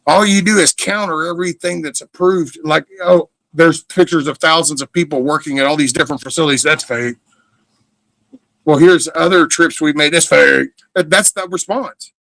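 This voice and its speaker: A man's voice: fairly high pitch, steady tone, brisk, few pauses, fairly bright tone, no room sound. Blunt man rambling, dry close sound. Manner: blunt, profane, meandering with restarts. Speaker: livestream host. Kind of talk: rambling casual monologue.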